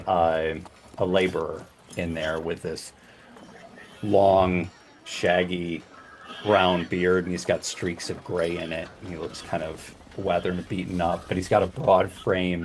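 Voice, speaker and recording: Low-voiced man game master. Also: darkish tone, slight background noise. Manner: meandering, full of fillers. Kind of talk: narrating a tabletop game.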